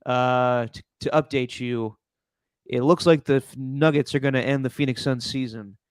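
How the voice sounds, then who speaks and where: Male podcast host, smooth clear mid-pitched voice, dry close mic, easygoing sports chat. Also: moderate pace, no room sound. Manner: relaxed, talks through live scores with fillers.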